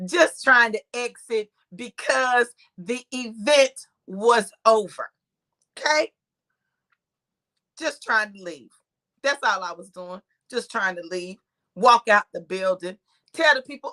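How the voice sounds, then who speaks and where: A woman preacher tells a lively, laughing story to viewers she greets by name, acting out the voices of the people in it. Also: a little high, takes it slowly. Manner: talks straight to viewers by name. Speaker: preacher and live-stream host. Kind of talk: lively storytelling to a live online audience.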